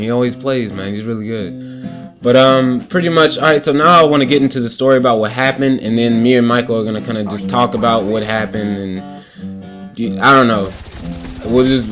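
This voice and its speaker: A young man giving casual game commentary while telling a story, loose and rambling with lots of restarts and fillers. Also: medium pitch. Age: young adult. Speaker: gaming commentator. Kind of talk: casual storytelling over gameplay. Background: faint guitar playing.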